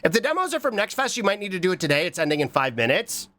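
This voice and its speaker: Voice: sing-song, racing, a bit bright. Congested, wildly swooping livestreamer voice. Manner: scattered and goofy, with frequent repeated "What?" and squeaky high bursts. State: congested from a cold. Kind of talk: casual reaction stream, reading chat aloud.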